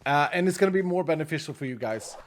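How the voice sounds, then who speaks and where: A man's voice: on the high side, animated, fast talker, a little hiss or hum. A man in his thirties chatting casually with his chat while playing a game on stream, laughing often.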